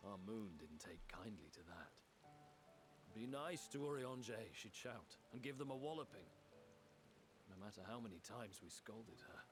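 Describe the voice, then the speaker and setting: An actor playing a warm, proud middle-aged father in a game cutscene, telling fond memories. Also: lowish voice, animated, normal speed, over music, natural voice. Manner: fond, storytelling.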